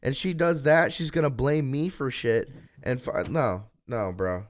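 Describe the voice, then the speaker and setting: A young streamer with a mid-range voice speaks a little slowly as he chats on a casual voice call. He rambles, curses and vents about his breakup.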